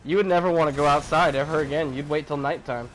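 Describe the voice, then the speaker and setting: A man chatting casually while streaming a game, animated and joking, swearing freely. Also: fairly high pitch, quick pace, a little hiss or hum. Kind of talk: casual gaming chat.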